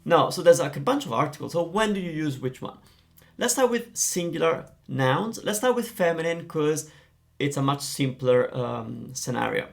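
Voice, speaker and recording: A man teaching Italian grammar, explaining in a lively, playful way. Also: a little high, moderate pace, creaky.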